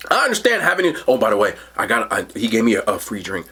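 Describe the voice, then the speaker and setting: A man vlogging a food review, telling a story in a casual, animated way and calling his viewers bro and y'all. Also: lowish voice, quick pace, husky.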